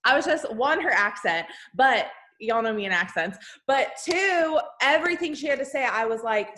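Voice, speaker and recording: A woman with a fairly high voice gives an emphatic, motivational pep talk. She speaks into a laptop on a video call from home and talks straight to her team. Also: moderate pace, few pauses. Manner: energetic, emphatic, Southern-style "y'all" address. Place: home, indoors.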